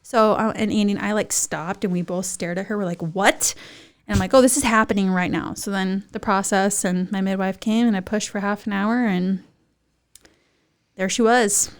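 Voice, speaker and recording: A young woman, a podcast guest telling a funny story in a lively, animated way and acting out other people's voices. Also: normal speed, smooth. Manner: lively, acts out voices of others in high excited tones. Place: podcast studio.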